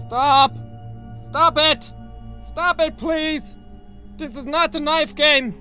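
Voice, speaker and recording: Irish man, young gamer, screamy and swearing, slow-spoken between outbursts, soft game music underneath. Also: very high voice. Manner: loud, panicky, swears a lot, yelps and laughs. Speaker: gaming video host. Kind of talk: let's-play commentary.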